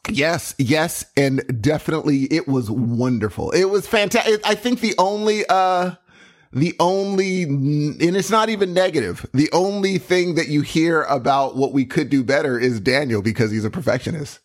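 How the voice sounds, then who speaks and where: A man's voice: on the high side, moderate pace. A man co-hosting a casual chat podcast, playful and laughing often. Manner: playful, laughs often, repeats words while puzzling. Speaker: podcast co-host and musician.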